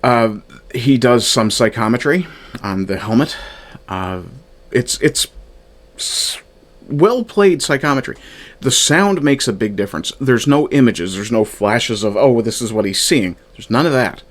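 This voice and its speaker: A man's voice: mid-range voice, animated, measured pace. A man casually reviewing a fan film from his notes, thinking aloud with frequent fillers and restarts. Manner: reads from his own notes. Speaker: media reviewer.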